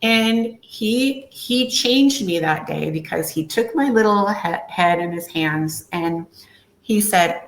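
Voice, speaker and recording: A woman's voice: mid-range voice, takes it slowly. A woman guest on a podcast, talking candidly and telling her story with acted-out quotes. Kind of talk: casual interview talk. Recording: echoey room.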